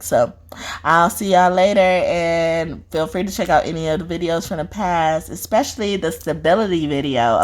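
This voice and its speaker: A woman who reads spiritual messages, chatting casually to viewers in a rambling way, full of fillers and laughter. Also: lowish voice. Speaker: spiritual reader.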